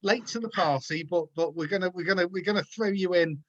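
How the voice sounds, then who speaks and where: A man's voice: sits high, quick pace, a bit bright, lo-fi sound. A man hosting a casual video-call chat show, chatty and encouraging, often repeating his words. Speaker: host.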